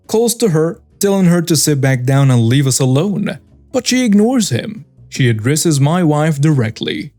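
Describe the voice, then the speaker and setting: A narrator reading a written story with a mid-pitched voice that swings widely up and down. The delivery is scripted and animated, and soft music plays underneath the whole time.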